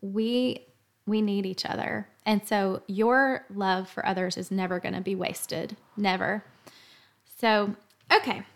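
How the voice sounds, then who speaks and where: A woman hosting a faith talk, speaking earnestly and emotionally in a gentle storytelling tone. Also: medium pitch, fairly even intonation, slow. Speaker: podcast host.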